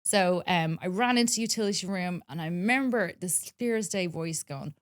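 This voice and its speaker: Earnest woman, low voice. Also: normal speed, few pauses, no room sound, studio quality. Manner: earnest, rambling storyteller with many ums. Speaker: spiritual wellness guest. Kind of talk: casual podcast conversation.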